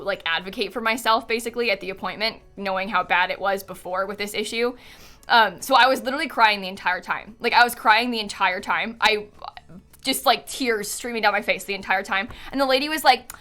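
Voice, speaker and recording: A woman's voice: a little high, bright, forceful tone. A young woman streaming live, talking casually and rambling with many fillers and nervous laughs, shaken and close to tears. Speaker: game streamer. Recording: faint music behind.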